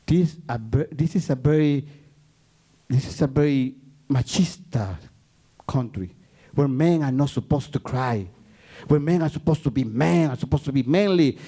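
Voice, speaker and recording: A man's voice: medium pitch, normal speed. A man from Guatemala, telling a story on stage and acting out the voices of the people in it. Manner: animated, acts out the voices in his story. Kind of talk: live storytelling.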